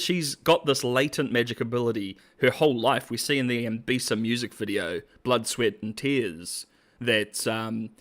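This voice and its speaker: A man with a Cockney accent giving casual, rambling commentary as a host, full of restarts and quick laughs. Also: mid-range voice, fairly bright tone. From England.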